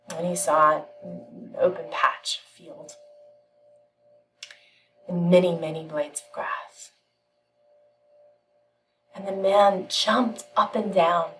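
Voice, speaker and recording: A woman giving a channeled spiritual teaching, telling a parable in a calm, measured way with frequent pauses. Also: fairly low pitch, distant mic, soft background music, poor audio.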